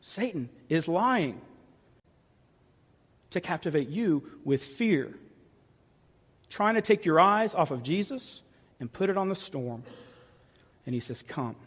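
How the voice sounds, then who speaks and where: A man preaching a sermon with earnest, repeated appeals, often dropping to soft, hushed tones. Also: high-pitched, expressive, takes it slowly, pauses often, breathy edge. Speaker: pastor. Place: large church hall. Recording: reverberant church hall.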